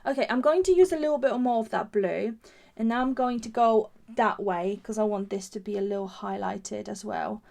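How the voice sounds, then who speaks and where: A craft shop founder gives a live demonstration in a medium-pitched, gravelly, slightly mellow voice at a moderate pace, barely pausing. She chats and thinks aloud while working, gushing admiringly over her own results.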